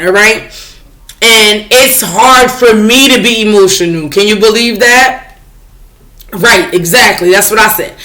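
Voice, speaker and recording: A woman's voice: a little high, fairly bright tone. A woman tarot reader in casual spiritual talk to her viewers, frank and chatty, swearing freely and often asking if you follow her. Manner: chatty, frank, swears freely, asks "you know what I'm saying?".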